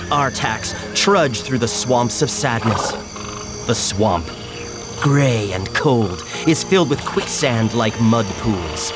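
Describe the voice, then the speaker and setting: Slow, solemn man narrating a screenplay. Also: medium pitch. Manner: slow, solemn storybook reading. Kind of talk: scripted dramatic narration. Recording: loud music behind.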